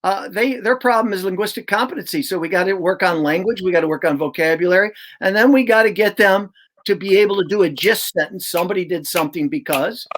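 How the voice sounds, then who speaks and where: A man's voice: high voice, fast, a bit bright. An older man, a reading coach, explaining his teaching method in an emphatic, conversational way, sounding out syllables aloud as he goes.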